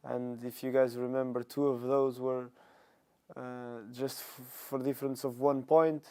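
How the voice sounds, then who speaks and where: A man's voice: medium pitch, flat delivery, measured pace, warm tone, smooth. A man whose first language is Portuguese, a footballer answering interview questions thoughtfully, restarting phrases as he goes. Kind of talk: post-signing interview.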